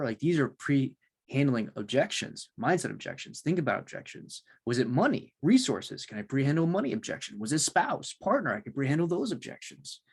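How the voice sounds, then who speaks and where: A man's voice: mid-range voice, vocal fry, breathy edge. A male podcast host explaining his ideas with energy, asking himself rhetorical questions and often filling gaps with "like". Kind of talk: casual interview talk.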